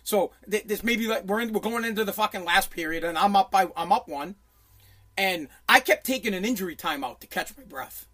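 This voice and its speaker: A man's voice: high voice, lively intonation, brisk, sharp tone. A man telling a story in a profane, intense rant, often restarting his sentences. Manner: intense, swearing, many restarts.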